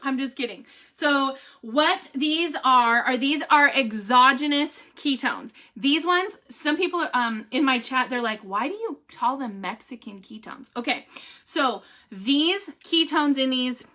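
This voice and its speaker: Giving her viewers a family update and reviewing a product, this middle-aged vlogger sounds high, bright and lively. She laughs often and drops phrases like "y'all" and "holy cow."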